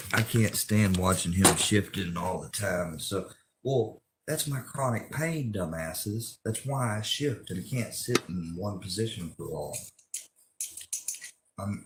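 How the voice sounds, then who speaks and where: A man's voice: sits low, roomy sound, noisy background. A man, ranting angrily and with lots of profanity during a livestream. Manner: angry, profane, rambling rant.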